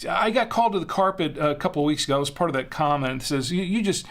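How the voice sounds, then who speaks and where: A man's voice: fairly high pitch, fast. A man hosting a live drinks show, chatting casually and rambling with many fillers and restarts. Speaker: host. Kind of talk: casual livestream chat.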